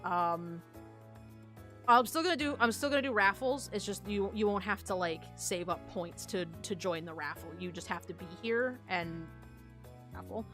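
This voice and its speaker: A woman's voice: mid-range voice, moderate pace, a bit bright, soft background music. A young woman livestreaming, chatting casually with viewers in a giggly, rambling, self-deprecating way. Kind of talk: casual stream chat.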